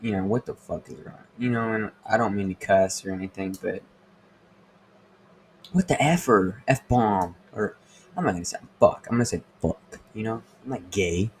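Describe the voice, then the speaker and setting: A young man talks in a low voice, rambling through a crude podcast monologue full of fillers and cursing. A faint hum sits behind him. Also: moderate pace. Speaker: podcast host.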